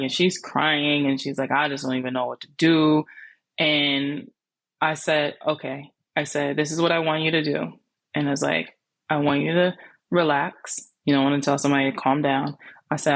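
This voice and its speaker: A woman podcast host telling a personal story, animated, acting out the conversations she quotes. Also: low-pitched, no room sound. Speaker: landlord and life coach. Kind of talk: storytelling monologue.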